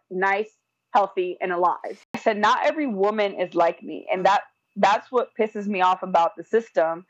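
A young adult woman telling a personal story in casual, animated talk, acting out the people she quotes. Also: medium pitch, moderate pace, no room sound, lo-fi sound. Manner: animated, acts out quoted voices, frequent "like". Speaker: guest telling her birth story.

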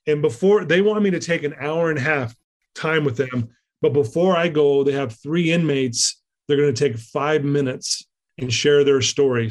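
A man telling a personal story in a conversation, lively and acting out the lines of people he quotes. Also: on the high side. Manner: animated, acts out quoted lines. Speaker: guest speaker.

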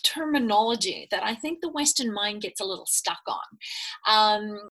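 A woman's voice: medium pitch, animated, moderate pace, sharp tone, husky, low-quality recording. A middle-aged woman, a spiritual teacher hosting her show, talking casually with many fillers and restarts.

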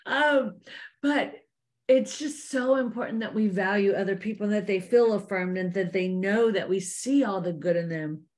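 A middle-aged woman giving a faith-based leadership talk to women, earnest and animated, speaking to her listeners directly as ladies. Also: mid-range voice, normal speed, few pauses. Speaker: business coach teaching women.

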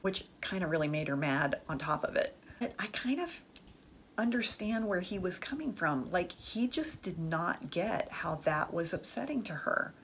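Offering dating and relationship advice, a woman chats openly and tells tales of friends, leaning on "like" and "the truth is." She speaks on the low side at normal speed, animated and a bit bright, with slight hiss or hum behind her.

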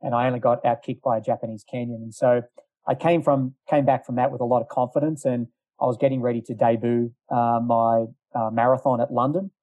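Middle-aged man, ex-runner, storytelling, loose and rambling, mellow dark tone. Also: medium pitch, steady tone, a little fast, no room sound. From Australia. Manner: rambling, lots of fillers and asides. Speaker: former distance runner. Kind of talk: casual storytelling.

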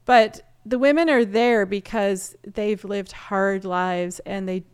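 Woman, 30s, interview guest; animated, chatty storyteller with a very clean, smooth voice. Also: mid-range voice, slow pace. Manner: chatty, animated, laughs often.

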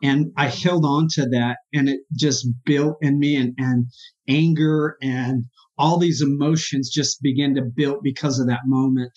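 A man, a therapist, telling his personal story as an interview guest in an earnest, halting, emotional way. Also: mid-range voice, steady tone, a little mellow. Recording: dull lo-fi sound.

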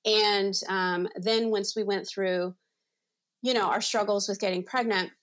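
A woman's voice: medium pitch, fairly even intonation, unhurried, a bit bright. A woman in her forties, an interview guest and ministry leader, telling a personal faith story in a chatty, earnest way with many "you know"s. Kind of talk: personal testimony in conversation.

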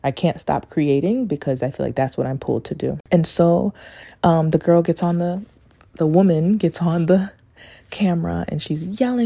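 A woman with a low, mellow voice talks in a hushed, candid monologue. She rambles, swears freely and keeps her voice down as she hosts her own show. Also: moderate pace, creaky, breathy edge. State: talking low to stay quiet. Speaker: podcast host. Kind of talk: casual confessional monologue.

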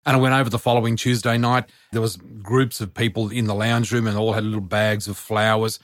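A middle-aged man, a podcast guest telling lively stories and acting out the voices in them. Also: on the low side, fairly quick, dry recording, studio quality. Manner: animated storyteller, acts out voices, laughs often. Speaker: guest, spiritual teacher. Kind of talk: storytelling in a podcast chat.

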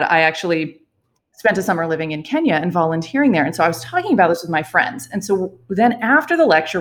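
A young adult woman, a doctor, casually telling a personal story, laughing often and acting out what people said. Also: lowish voice. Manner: animated, laughs often, acts out quoted lines. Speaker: physician telling her story.

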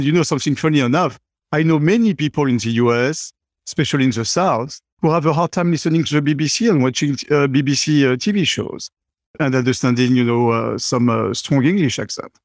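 A man's voice: mid-range voice, no echo, clean studio sound. A middle-aged man, a chatty interview guest who fills his talk with "you know". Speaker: guest, company CEO. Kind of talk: conversational interview.

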